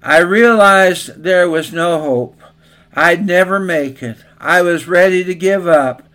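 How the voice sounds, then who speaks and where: A man's voice: sits high, takes it slowly, pushed and bright, full character voice. A man voicing a talking teacup that recalls its painful making, told in a plaintive storytelling way.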